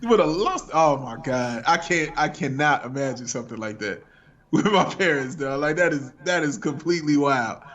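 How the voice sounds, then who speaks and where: Lively, high-pitched laughing man. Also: normal speed, muffled recording. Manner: animated, laughs a lot, slangy. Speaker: podcast guest. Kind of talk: casual podcast chat.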